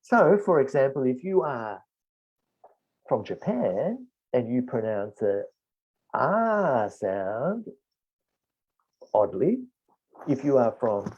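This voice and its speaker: A middle-aged man with an Australian accent, answering test questions in a teaching webinar and explaining slowly with strong emphasis. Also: medium pitch, big pitch swings, darkish tone, husky. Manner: slow, deliberate explanation with emphatic stresses. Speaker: IELTS expert answering questions. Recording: dull lo-fi webinar audio.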